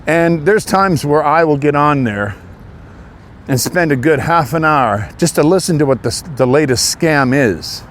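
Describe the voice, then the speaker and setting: A Canadian man vlogging on a walk outdoors near traffic gives a casual monologue that's earnest and indignant, with a preachy edge. His voice is on the high side with lively intonation and a measured pace, and there's slight background noise.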